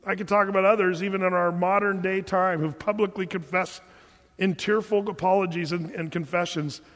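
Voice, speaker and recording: A pastor preaching a sermon, animated and joking, acting out quotes as he teaches. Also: sits high, normal speed. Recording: long hall reverb.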